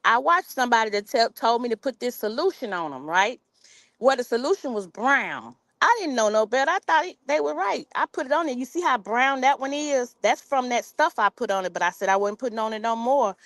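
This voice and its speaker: A woman runs an outdoor gardening live stream in her backyard, filmed by a phone on a tripod, chatting informally with plenty of "y'all" and reading comments from viewers. Her voice is a little high, animated, brisk, and fairly bright, in a dry recording.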